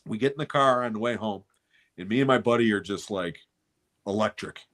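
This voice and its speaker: A middle-aged man telling a story on a podcast, animated and swearing freely. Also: fairly low pitch, quick pace. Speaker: podcast co-host. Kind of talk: casual chat, storytelling.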